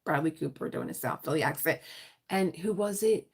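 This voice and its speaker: Woman, South Philly accent, lowish voice, chatty, rambling livestream host. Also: expressive, breathy edge. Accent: South Philadelphia. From Philadelphia. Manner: chatty and rambling, quick asides and laughter. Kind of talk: casual livestream chat.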